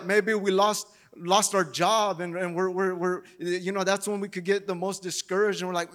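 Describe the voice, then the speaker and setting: A man's voice: sits high, level tone, normal speed, few pauses, a bit bright. A man preaching a sermon, talking with many repeated restarts and growing emotional and pleading. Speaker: lay preacher.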